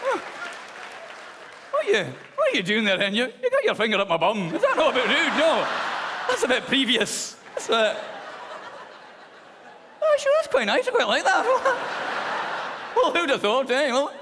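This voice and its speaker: A man putting on a prim, courteous Scottish gent, chatting politely in a lilting voice that jumps up high. It is a live comedy recording, with audience noise behind. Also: wildly swooping pitch, normal speed, long pauses, a crowd in the background, full character voice. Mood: genteel. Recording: live stage, audience laughter.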